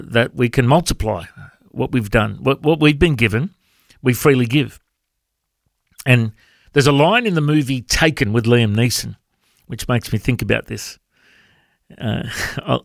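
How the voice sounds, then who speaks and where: Earnest gravelly-voiced male radio host. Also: medium pitch, dry recording, clean studio sound. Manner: earnest, exhorting, asks the listener questions. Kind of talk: devotional radio talk.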